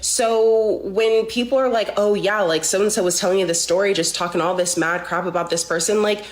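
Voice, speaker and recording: A woman's voice: medium pitch, steady tone, normal speed. A woman giving blunt advice in a clip, listing her points by number. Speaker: commentator in a played video clip. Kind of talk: direct advice talk. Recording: roomy echo.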